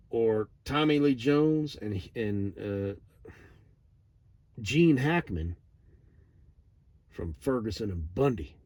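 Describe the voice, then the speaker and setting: A middle-aged man telling a rambling, digressive story in a profane, deadpan way. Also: mid-range voice, slow pace, pauses often, no room sound. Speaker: vlogger. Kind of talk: rambling monologue.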